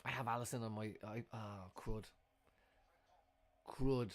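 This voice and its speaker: A young man giving casual, excitable live commentary as a fan streamer watching a football match, swearing and breaking into loud outbursts. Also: on the low side, unhurried.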